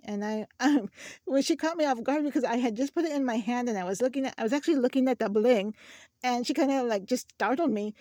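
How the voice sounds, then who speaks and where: A woman's voice: on the high side, fast talker, dark tone, dry recording, clean studio sound. A woman hosting a craft channel, chatting casually through a shopping haul and telling stories with many restarts. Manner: chatty, storytelling, frequent restarts.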